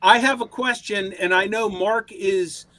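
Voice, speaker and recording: A man speaking slowly and deliberately in casual chat on a video call. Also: high voice, steady tone, sharp tone, dry recording.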